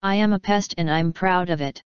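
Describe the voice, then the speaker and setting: A woman's voice: lowish voice, moderate pace, clear, resonant tone, no room sound, lightly acted. A woman voicing a boastful centipede who talks gleefully and boisterously. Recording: slightly dull, dry recording.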